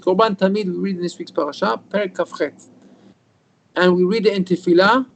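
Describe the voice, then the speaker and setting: A man's voice: high voice, fairly quick, creaky, highs cut off, slight background noise. A man, a rabbi, giving an informal Torah lesson over a video call, telling stories and acting out the dialogue, with Hebrew terms mixed in. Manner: animated storyteller, acts out quoted dialogue, mixes in Hebrew terms.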